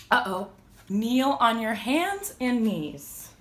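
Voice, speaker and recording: A woman's voice: high voice, lively intonation, slow pace, long pauses, fairly bright tone. A woman reading a children's picture book aloud and leading simple yoga poses, playful, with animal sounds. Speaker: children's storytime host. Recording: roomy echo.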